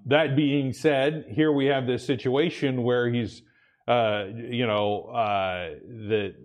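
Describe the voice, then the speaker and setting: A man preaching a sermon in a relaxed, conversational way, checking in with "amen?" and acting out little everyday scenes. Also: on the low side. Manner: conversational preaching with frequent "amen?" and acted asides. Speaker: pastor.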